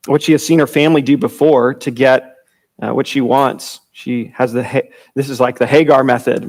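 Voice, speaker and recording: A man preaching a conversational Bible teaching, informal, with fillers, restarts and chuckles. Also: medium pitch.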